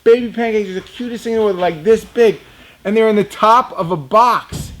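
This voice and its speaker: A man's voice: sits high, fairly quick, a bit bright. A man in his fifties casually telling a personal story, chatty and laughing often, talking straight to young viewers. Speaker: reptile business owner.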